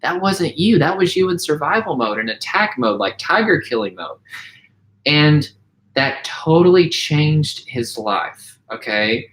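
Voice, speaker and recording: A man teaching course members about calming anxiety in a loose, unscripted talk. He speaks earnestly, repeats and restarts words, and keeps checking in with "okay?". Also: medium pitch, poor audio. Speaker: anxiety recovery coach. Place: home, mowing heard outside.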